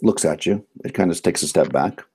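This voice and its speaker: A man running a tabletop game in a relaxed, rambling way, leaning on fillers as he describes scenes. His voice is very low, with a mellow, dark tone and a husky edge. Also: a little fast. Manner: relaxed, rambling narration full of "um" and "kinda". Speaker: game master.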